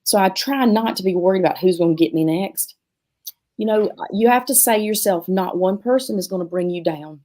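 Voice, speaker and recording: A woman's voice: mid-range voice, fairly quick. A middle-aged woman who owns a dance studio, telling stories in a casual chat and acting out the voices of people she quotes. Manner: animated, acts out quotes in different voices. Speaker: guest, dance studio owner.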